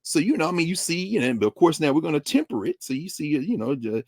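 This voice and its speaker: Man, guest scholar, talk-radio commentary, storytelling, fairly high voice, dry close sound. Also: sing-song, fast, no room sound. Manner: storytelling, peppered with "you know", acts out quoted exchanges.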